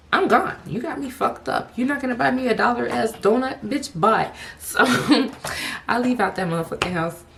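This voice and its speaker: A woman's voice: mid-range voice, gravelly, slight background noise. A young woman telling a personal story to the camera, casual and profane, breaking into laughter often.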